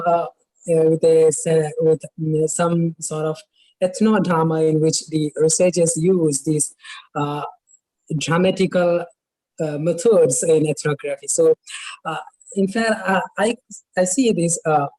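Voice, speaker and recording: Hesitant low-voiced woman moderator. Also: mellow, poor audio. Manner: hesitant, many filler sounds. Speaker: webinar moderator. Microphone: video call.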